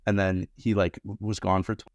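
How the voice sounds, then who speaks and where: Młody mężczyzna z niskim głosem, ożywiony gawędziarz, suche nagranie z bliska. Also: male voice, brisk, no echo. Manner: animated, acts out quotes in higher voices. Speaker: podcast guest, bartender. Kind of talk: casual storytelling.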